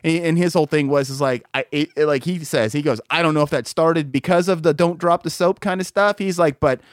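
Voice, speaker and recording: A young man casually telling stories on a podcast, animated and swearing freely. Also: on the high side, brisk, no room sound, studio quality. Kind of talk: casual chat.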